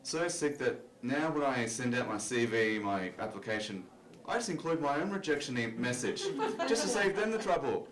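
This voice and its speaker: A man's voice: medium pitch, lively intonation, normal speed, few pauses, a bit bright. Man, stand-up comedian, self-deprecating, conversational, filler-heavy, echoey club room. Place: comedy club stage with audience. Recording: roomy club recording.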